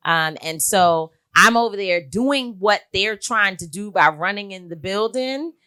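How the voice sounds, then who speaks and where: A woman activist, a guest in a casual chat, telling a story in a brisk, emphatic way. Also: mid-range voice, expressive, pushed and bright.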